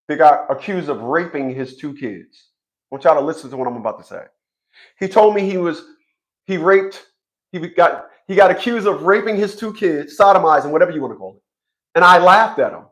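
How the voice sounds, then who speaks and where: A man telling a court story in an animated monologue, mocking, with loud outbursts and low asides, acting out other people's lines. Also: moderate pace, long pauses. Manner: acts out other people's voices in quotes. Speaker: family court advocate.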